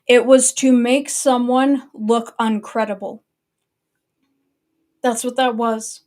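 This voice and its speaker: A woman who hosts her own online commentary stream delivers a sustained, annoyed rant, casual and blunt, swearing freely. Her voice sits on the higher side with a darkish tone.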